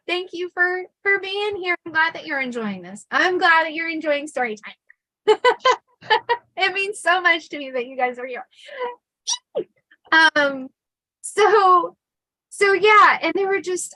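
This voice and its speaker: A woman hosting a casual storytelling livestream, chatty and animated with lots of fillers. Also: high-pitched, no room sound, low-quality recording. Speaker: host.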